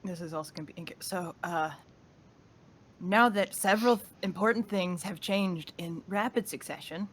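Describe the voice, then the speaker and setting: A woman's voice: lowish voice, normal speed. A woman playing a tabletop game casually, rambling with many restarts. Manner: rambling, lots of restarts and fillers. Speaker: player.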